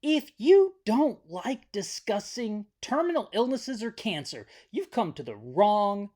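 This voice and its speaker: Host for a comedic movie recap, lively pitch, rambly, stumbles over words and jokes around. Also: slow pace. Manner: rambling and joking, with self-corrections.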